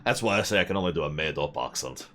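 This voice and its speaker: A man streaming a video game, rambling and joking as he plays, often jumping into high mock voices. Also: lively intonation, very fast, bright, forceful tone. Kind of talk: casual gameplay commentary.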